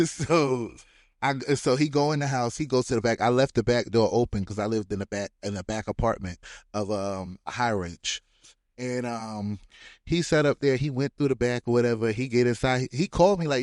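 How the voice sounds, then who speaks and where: A man's voice: medium pitch, expressive, normal speed, darkish tone, no room sound. Man, podcast host, casual storytelling, slang-heavy, laughs a lot, dry close sound.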